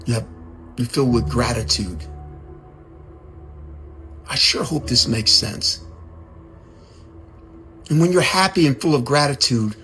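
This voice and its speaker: Man giving a laid back sermon, bright voice, pitch going all over. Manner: conversational, animated, repeats words. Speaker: speaker. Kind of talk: casual sermon.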